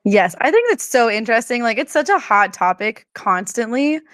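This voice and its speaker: A woman co-hosting a podcast, upbeat and chatty, slightly hoarse after a sore throat. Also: on the high side, sing-song, moderate pace, fairly bright tone, no room sound, studio quality. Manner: upbeat and chatty, says "like" often. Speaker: podcast co-host. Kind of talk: casual podcast chat.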